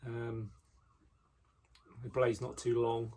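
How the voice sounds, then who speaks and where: Indoors at his workbench, this craftsman talks through the knives he makes in a relaxed product walkthrough, restarting lines and filling gaps with ums. The voice is an average male middle pitch, mellow, with very little rise and fall.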